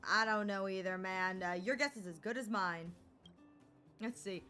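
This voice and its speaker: A woman streaming a story game, chatting casually and playfully, reading lines aloud in animated bursts. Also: mid-range voice, normal speed, faint music behind.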